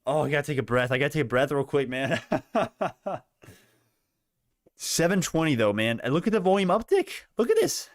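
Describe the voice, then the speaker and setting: A young man giving animated live commentary on stock prices, laughing and repeating himself, his voice worn out. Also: a little high, normal speed, long pauses, no echo, clean studio sound. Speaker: stock market streamer. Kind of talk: excited live market commentary.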